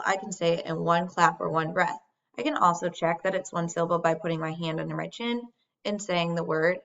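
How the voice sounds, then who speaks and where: A woman teacher giving a recorded phonics lesson, speaking slowly and deliberately as she models sounds for young children. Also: fairly low pitch, creaky, fairly bright tone. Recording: dull lo-fi sound.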